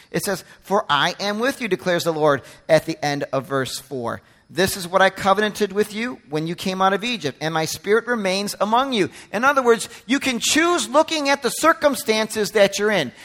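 A man delivering a sermon in a high voice with a bright, ringing edge. He moves between quiet, tender passages and loud, emphatic ones, and acts out the people and lines he quotes. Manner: swings from hushed and gentle to loud and emphatic. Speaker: pastor.

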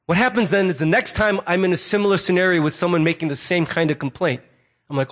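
A middle-aged male pastor gives a loose, conversational sermon in a slightly bright voice that's fairly high for a man. He slips into quick quoted asides as he talks.

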